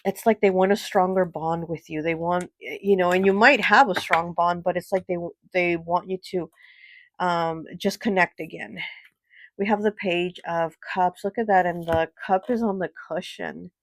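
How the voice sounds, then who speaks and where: A woman giving a pick-a-card tarot reading, sounding nasal and congested from a cold, with a gentle, reassuring manner full of fillers and check-ins. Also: on the low side, steady tone, normal speed, a little hiss or hum. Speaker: tarot reader.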